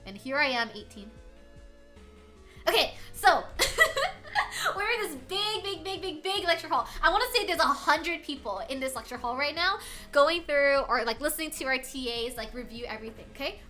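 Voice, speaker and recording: Bright, animated young woman streamer. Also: sits high, a little fast, soft background music. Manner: animated, laughing, lots of filler words. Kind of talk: casual storytelling chat.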